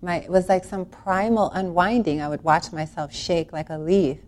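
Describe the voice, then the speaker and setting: A woman's voice: lowish voice, moderate pace. Earnest woman telling a spiritual story. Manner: earnest, animated storytelling with laughs; rambling, with many restarts. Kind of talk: personal storytelling talk.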